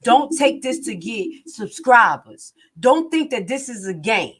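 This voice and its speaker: A woman's voice: fairly high pitch, very animated, measured pace, a bit bright, husky. A middle-aged woman giving impassioned live-stream commentary, blunt and streetwise, preaching and repeating herself for emphasis.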